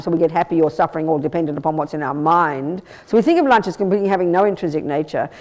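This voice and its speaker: This older woman is a Buddhist nun delivering a dharma teaching in a meditation centre hall. She speaks on the low side with a somewhat dark tone, emphatic, often circling back to repeat or restart a phrase.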